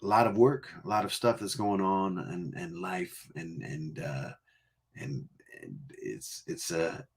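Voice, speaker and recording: A man's voice: low-pitched, unhurried, vocal fry, husky. A man from Connecticut hosting a music livestream, chatting casually in a playful, teasing, rambling way with frequent laughs. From Connecticut, USA. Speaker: livestream music show host.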